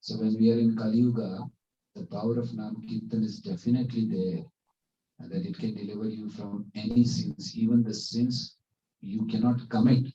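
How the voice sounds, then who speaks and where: A man's voice: fairly low pitch, level tone, moderate pace, dark tone. A man giving a devotional class, telling stories in a conversational way with fillers. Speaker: spiritual teacher. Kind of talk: devotional class talk with storytelling. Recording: echoey hall, distant dull mic.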